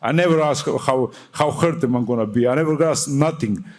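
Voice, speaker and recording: A man's voice: medium pitch, a little fast. A young man answering at a boxing press conference, fiery, defiant and full of swearing.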